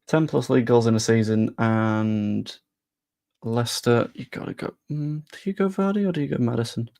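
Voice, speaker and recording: Young male streamer, mid-range voice with noticeable vocal fry, casual rambling chat delivery. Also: medium pitch, moderate pace, darkish tone. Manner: rambling, chatty, self-deprecating asides. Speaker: football channel streamer.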